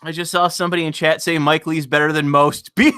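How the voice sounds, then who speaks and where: A man's voice: fairly high pitch, flat delivery, a little fast, pushed and bright, clean tone. A man ranting sarcastically and with profanity on a live stream of political commentary, sometimes laughing at his own point.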